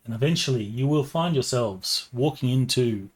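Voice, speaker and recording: Relaxed male game master. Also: medium pitch, moderate pace. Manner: relaxed, with many fillers. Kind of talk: narrating a tabletop game.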